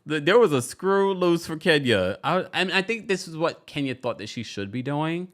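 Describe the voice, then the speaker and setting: A man's voice: on the high side, sing-song, normal speed, fairly bright tone. A man hosting a live stream, chatting casually and reading viewer comments aloud as he goes. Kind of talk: casual live recap chat.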